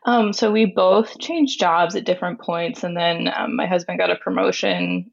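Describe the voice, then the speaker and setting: A woman's voice: lowish voice, steady tone, moderate pace, vocal fry. A woman in her late twenties calling in to a radio show, talking about her finances in an easygoing, composed way. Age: 20s. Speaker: caller. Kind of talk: phone-in conversation. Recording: dull phone line.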